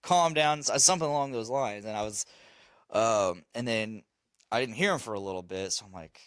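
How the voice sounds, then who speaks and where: A man's voice: on the low side, a little fast, fairly bright tone, dry recording. A man telling a parenting story on a casual podcast, swearing and laughing as he goes. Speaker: podcast host; father.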